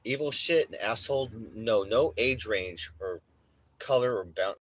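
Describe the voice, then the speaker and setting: A man's voice: fairly low pitch, a little slow, fairly bright tone, low-quality recording. A young man hosting a live stream, ranting casually and bluntly with constant swearing and "bro". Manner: profane, blunt, swaggering, says "bro" a lot. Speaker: livestream host. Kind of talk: casual rant to a live chat.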